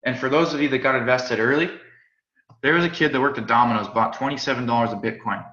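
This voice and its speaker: A man teaching a live class in an energetic, chatty way, often repeating and restarting words. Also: medium pitch, fast. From United States. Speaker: crypto trading instructor. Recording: roomy, slightly dull sound.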